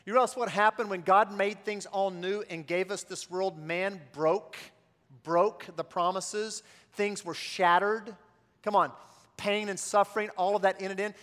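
A man's voice: high-pitched, steady tone, normal speed, fairly bright tone, long reverb tail. A man preaching a sermon as pastor, building to call-and-response refrains.

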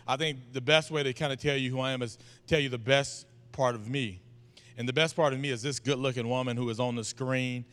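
A man's voice: medium pitch, smooth. A man, a guest preacher opening his sermon with folksy, joking stories. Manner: folksy, joking, animated storytelling. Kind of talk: informal sermon introduction. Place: church sanctuary. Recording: long hall reverb of a church.

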